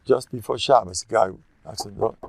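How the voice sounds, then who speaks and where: An older man giving a rabbi's lecture in lively storytelling style, full of halting restarts and Yiddish and Hebrew words, often jumping into a high excited pitch and laughing at his own stories. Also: gravelly, dry recording.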